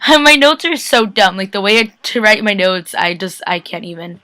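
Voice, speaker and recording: A young woman gushing about a TV episode in a casual webcam vlog, chatty and excitable, full of "like" and "guys". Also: medium pitch, normal speed, few pauses, no room sound. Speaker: TV recap vlogger. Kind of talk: casual chat.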